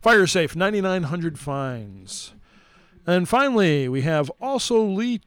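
A man hosts a casual podcast, announcing listener milestones in an upbeat, emphatic way. He stretches out the numbers as he reads them. His voice sits a little higher than usual for a man. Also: sing-song, measured pace, clean tone, no echo. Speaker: podcast host.

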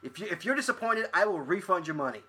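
A man co-hosting a podcast, teasing his partner with quick interjections in casual chat. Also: sits high, expressive, bright, forceful tone, a little hiss or hum. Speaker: podcast co-host.

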